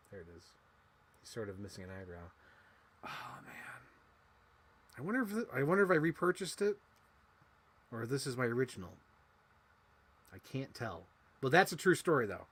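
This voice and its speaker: A young man vlogging to camera, chatting excitedly about his childhood toys, swinging from loud squeals to quiet mumbles and swearing casually. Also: medium pitch. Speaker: toy unboxing vlogger.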